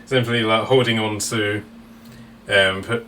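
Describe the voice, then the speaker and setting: A man's voice: on the low side, fairly even intonation, a little slow, sharp tone, slight background noise. Giggly rambling male game master. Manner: giggly, rambling with many fillers. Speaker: dungeon master. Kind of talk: narrating a tabletop game.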